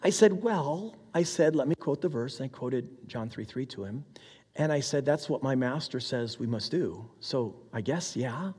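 A man of middle pitch preaching in a large hall whose long reverb trails each phrase. He tells a personal story in a conversational way, voicing the other people in it, and clears his throat often. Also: expressive, normal speed, mellow. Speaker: military chaplain. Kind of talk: sermon storytelling.

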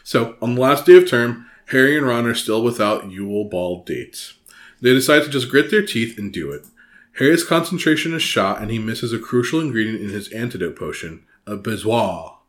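A man's voice: medium pitch, animated, normal speed. A man co-hosting a podcast, summarizing book chapters in casual chat, earnest with hesitant restarts. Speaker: podcast co-host.

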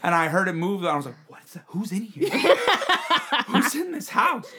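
This young podcast host has a high voice and talks at a moderate pace, recounting a story in relaxed conversation. Lively throughout, he imitates the people he quotes and frequently laughs.

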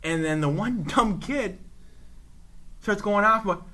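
A man's voice: high voice, normal speed, very noisy. A man casually telling a funny story on a podcast, laughing and acting out the people in it. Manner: animated, laughing, acts out voices.

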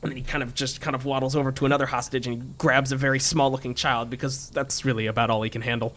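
A man's voice: medium pitch, flat delivery, quick pace, fairly bright tone. Man, game master, mid-range voice, casual chatty narration. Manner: loose, chatty narration with fillers.

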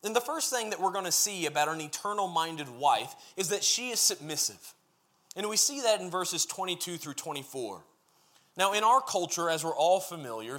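Reading scripture and then unpacking it point by point in lists, a preacher delivers his sermon with earnest emphasis. His voice is high-pitched, pushed and bright.

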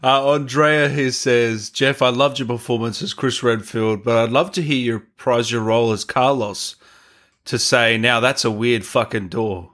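A man's voice: mid-range voice, fairly even intonation, moderate pace, fairly bright tone. Upbeat man reading viewer comments. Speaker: host.

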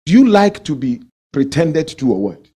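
Male pastor, husky and lively, preaches and questions his congregation. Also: a little high, moderate pace. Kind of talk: sermon.

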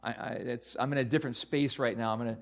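A man preaching a sermon as pastor, earnest and repeating himself, building to loud emphatic peaks. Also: mid-range voice, steady tone, fast talker, gravelly.

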